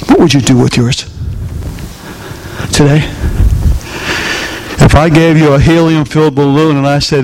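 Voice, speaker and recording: A male pastor preaching a sermon in a folksy way, firing off rhetorical questions at his congregation and swinging between loud, emphatic lines and soft, drawn-out ones. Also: on the high side, slight background noise.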